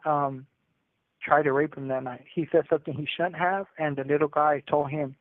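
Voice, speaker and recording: Man, raised pitch, streetwise slang, rambling storyteller, tinny phone line, dry sound. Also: fairly even intonation, normal speed, no echo. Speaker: incarcerated storyteller calling in. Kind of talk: casual jailhouse storytelling over the phone.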